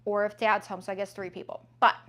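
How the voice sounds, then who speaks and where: A woman's voice: mid-range voice, level tone, quick pace, a bit bright. A woman, a mother and family vlogger, chatting casually and upbeat through a grocery haul at home, with plenty of "um"s. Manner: chatty, upbeat, many fillers.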